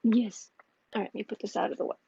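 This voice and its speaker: A woman's voice: medium pitch, steady tone, fast talker, creaky, dark tone, breathy edge, no echo, lo-fi sound. A woman hosting a casual tarot livestream, rambling and chatty with frequent restarts. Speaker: astrology and tarot livestream host.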